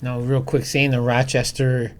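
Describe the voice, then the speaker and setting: A man co-hosting a casual show, throwing in quick jokes and asides. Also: mid-range voice, little pitch movement, slight background noise. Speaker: co-host.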